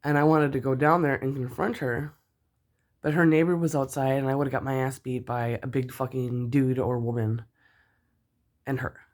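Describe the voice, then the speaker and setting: A woman ranting about another parent, heated and swearing constantly, her voice jumping up loud and then dropping low. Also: steady tone, normal speed. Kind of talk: angry rant vlog.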